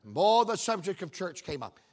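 A man preaching a sermon, telling a funny story in a folksy, animated way that builds up to shouting. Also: high-pitched, a little fast. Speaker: pastor.

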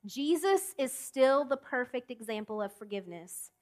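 A woman preaching a sermon in a fairly high voice. She leans on key words with deliberate pauses and throws direct questions at the listeners. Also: sing-song, a little mellow. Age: adult. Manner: emphatic, with deliberate pauses and rising appeals.

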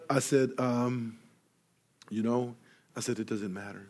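Animated storytelling pastor, a man. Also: medium pitch, unhurried, long pauses, a loud crowd. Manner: animated storyteller, acts out dialogue, grows loud in excitement; drops soft and quiet for earnest moments. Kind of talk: sermon with storytelling.

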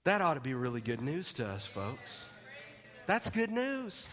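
A man preaching a sermon, telling a story in an animated way and acting out its scenes. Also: fairly high pitch, a little slow, soft background music. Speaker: pastor. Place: church sanctuary. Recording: long hall reverb.

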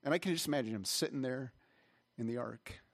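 A man's voice: mid-range voice, fairly quick, vocal fry, dry recording. Earnest, rambling male pastor. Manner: rambling, earnest, with many restarts and fillers. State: emotional, voice catching. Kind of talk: conversational sermon. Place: church hall.

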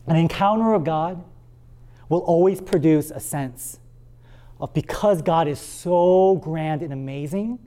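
A man preaching a sermon and reading scripture aloud, with dramatic pauses and words repeated for emphasis. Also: on the high side, mellow. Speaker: pastor.

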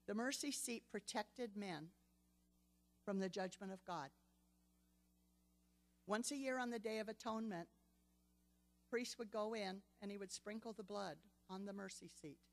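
A woman's voice: medium pitch, unhurried, long pauses. An older woman teaching a Bible study, earnest and telling stories with quoted dialogue.

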